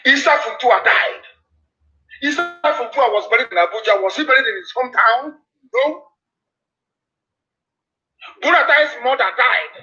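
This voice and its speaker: Male broadcaster, high tense voice, repetitive threatening delivery, lo-fi sound. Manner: forceful, repetitive warnings. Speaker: political broadcaster. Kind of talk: fiery live radio address. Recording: dull lo-fi broadcast audio.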